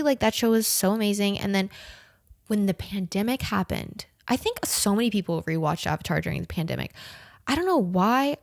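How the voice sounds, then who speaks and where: A young woman in her twenties from the southern United States, telling a story in a casual, animated, profane way, full of slang and "like". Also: on the low side, no room sound, studio quality. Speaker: podcast host.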